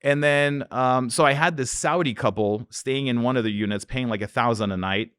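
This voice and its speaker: A man's voice: mid-range voice, moderate pace, a bit bright, smooth, dry recording. A man, an investor telling wild anecdotes in a podcast interview, swearing freely and acting out the people in his stories. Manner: profane, acts out voices in his anecdotes. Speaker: real estate investor guest. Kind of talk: animated storytelling.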